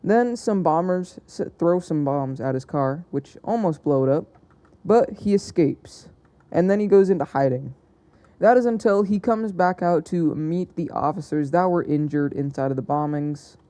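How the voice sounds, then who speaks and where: Mellow young man, casual hesitant narration. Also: a little high, normal speed. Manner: hesitant, self-correcting, chatty. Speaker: narrator of an alternate-history map video.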